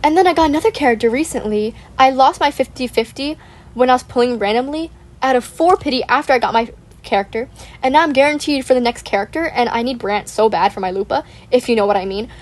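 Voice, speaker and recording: A woman's voice: sits high, fast talker. A young woman hosting a gaming channel, rambling in casual chat, saying "like" constantly, giggling and apologizing.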